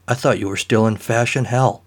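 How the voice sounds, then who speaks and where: A suave detective boss in an audio story, speaking in a level, mid-pitched voice with clipped authority, as a male narrator plays him. He barks orders coolly and in short phrases. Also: fairly even intonation, brisk, close to an everyday voice. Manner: smooth, clipped and commanding. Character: suave male private-eye boss, cool and commanding.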